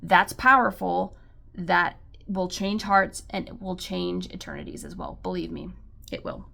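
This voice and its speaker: A woman's voice: fairly low pitch, big pitch swings, measured pace, vocal fry, sharp tone. A homeschooling mother giving earnest, reassuring encouragement, speaking casually with many likes and ums. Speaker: homeschool mom and channel host. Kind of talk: encouraging talk to camera.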